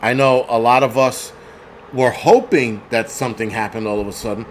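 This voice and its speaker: A man hosting a livestream, telling a story in a profane, animated rant and thanking viewers. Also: mid-range voice, normal speed, slight background noise. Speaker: host.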